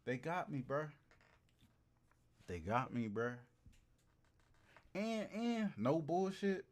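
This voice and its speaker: A male streamer talks straight to his chat in a loose, slangy, profane way. His pitch swoops up and down a lot, and he repeats lines over and over for emphasis. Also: slow pace. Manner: animated and repetitive, repeating phrases for emphasis. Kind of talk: casual chat to a livestream audience.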